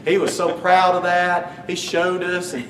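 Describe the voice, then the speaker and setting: A man in middle age speaks at his father's memorial, his fairly high voice carried through an echoing hall. He jokes with the gathered crowd as he tells family stories. The mic sits some distance away, with a faint hum underneath. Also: monotone, a little slow. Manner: warm storytelling, joking with the crowd. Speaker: son giving a eulogy. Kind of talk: eulogy speech with humorous stories.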